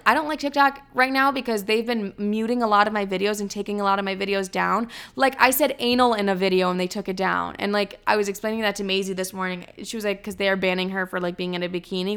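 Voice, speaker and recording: Woman, early twenties, podcast host, casual solo chat, blunt, profane, clear smooth voice, mid pitch. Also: fast talker, fairly bright tone. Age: 20s. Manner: chatty, blunt and profane, heavy filler "like".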